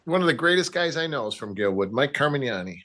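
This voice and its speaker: Chicago guy rattling off trade levels, stops and restarts a lot, middle-pitched voice. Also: sing-song, a bit bright. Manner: halting, many restarts, reeling off price levels. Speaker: futures trading guest analyst. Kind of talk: casual market talk.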